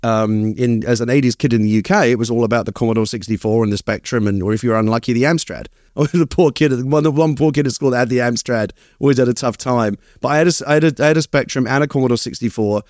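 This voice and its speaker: Fast-talking British man, half-Americanized accent. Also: mid-range voice, dry recording, clean studio sound. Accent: London British, partly Americanized. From East London, England. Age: middle-aged. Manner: animated, rambling storyteller with frequent restarts. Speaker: guest screenwriter. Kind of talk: casual interview chat.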